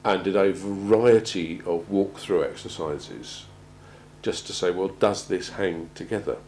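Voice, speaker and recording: A man gives a measured talk on crisis planning, often pausing and repeating words as he goes. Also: low voice, darkish tone, slight background noise, poor audio. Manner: measured, halting, repeats words while finding them. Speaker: presenter on organisational crisis planning. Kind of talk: prepared talk to an audience.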